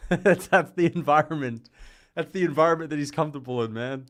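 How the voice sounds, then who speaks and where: A man's voice: fairly high pitch, fairly quick. Male streamer, casual rambling chat, jokey, laughs a lot, mock impressions. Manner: rambling, joking, laughs often; drops into mocking impressions. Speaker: livestreamer. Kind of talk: casual livestream rant.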